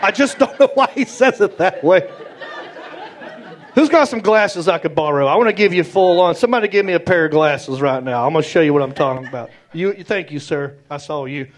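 Guy doing standup, kinda high-pitched, bantering with the crowd, club stage mic. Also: fairly quick. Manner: animated and playful, talks with the crowd. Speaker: stand-up comedian. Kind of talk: stand-up comedy set. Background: audience laughter.

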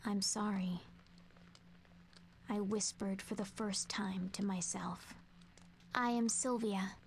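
An actress voicing a young girl who narrates a sad memory in a soft, slow, half-whispered game narration. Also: medium pitch, steady tone, a little hiss or hum. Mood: hushed.

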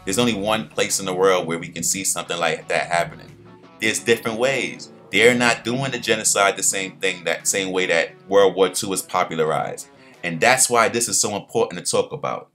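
A man's voice: low-pitched, moderate pace, pushed and bright, soft background music. A young man hosting a casual recap, rambling in slang with many restarts. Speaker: show recap host.

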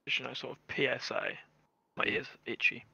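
A man's voice: mid-range voice, steady tone, moderate pace, vocal fry, pushed and bright, breathy edge, no echo. A man playing a game with a friend over a voice call, teasing and joking in casual chat. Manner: teasing, laughing banter. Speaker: co-player.

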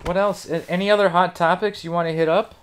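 A man with a slightly high voice tells a story on a casual podcast, swearing freely and laughing as he goes. He rambles, restarts sentences and piles up loose asides. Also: steady tone, fast talker, clear, resonant tone. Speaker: podcast host.

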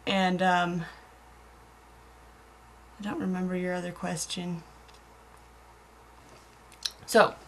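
A woman's voice: mid-range voice, fairly bright tone. A young American woman chatting casually in a video blog, rambling and self-mocking, with giggles and voice dropping to murmurs. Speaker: vlogger.

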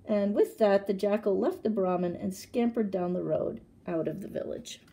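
A librarian reading a children's story aloud with expressive, animated delivery, then explaining a craft. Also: female voice, mid-range voice, moderate pace, gravelly, a little hiss or hum.

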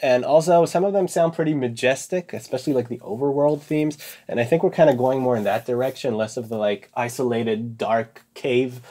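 A young man talking casually as he works in his home music studio, thinking out loud about each step of composing. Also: medium pitch. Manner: relaxed, thinking aloud while composing. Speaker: music composer and video host. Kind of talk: casual studio vlog narration.

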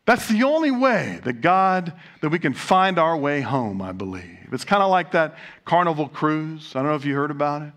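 A man's voice: fairly high pitch, big pitch swings, normal speed, few pauses, a bit bright. A man preaching a sermon, telling humorous stories and asking rhetorical questions of his congregation. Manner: storytelling with jokes and rhetorical questions. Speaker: pastor. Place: church sanctuary.

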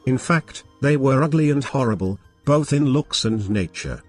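Man, storyteller, bedtime story narration, calm, gentle, steady, mid-pitched, faint music behind. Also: normal speed. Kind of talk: scripted narration.

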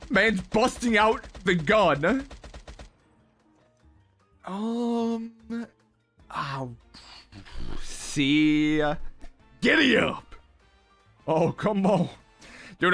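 A young man giving casual, excitable reaction commentary, ranking game emotes with lots of slang. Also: high voice, extremely slow, long pauses, soft background music. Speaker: gaming content creator.

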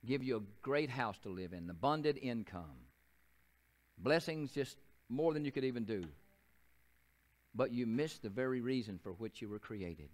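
An older Southern pastor preaching in church with a folksy, storytelling delivery. He doubles back and restarts his phrases as he talks, and his voice sits at an ordinary middle pitch for a man. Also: animated, normal speed. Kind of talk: sermon.

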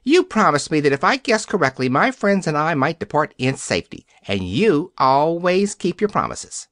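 A man voicing a bold, sharp-tongued hen in a storybook reading. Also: fairly high pitch, big pitch swings, normal speed, dry recording, studio quality. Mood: pert.

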